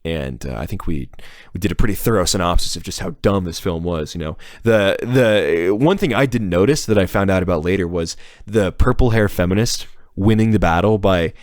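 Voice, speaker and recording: A man's voice: low voice, brisk, few pauses, no echo, clean studio sound. A man hosting a podcast in casual, mocking chat, often repeating words as he goes. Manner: mocking, sarcastic, repeats words while searching. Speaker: podcast host.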